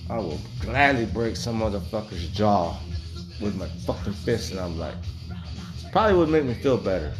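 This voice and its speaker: A man's voice: sits low, animated, normal speed, music in the background. Blunt, foul-mouthed man in his forties. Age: 40s. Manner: rambling, heavily profane, blunt. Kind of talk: candid spoken monologue.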